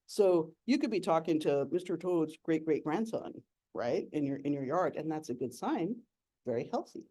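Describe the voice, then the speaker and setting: A woman's voice: sits low, lively intonation, normal speed, mellow. A young adult woman giving a playful, giggly nature talk as an educator.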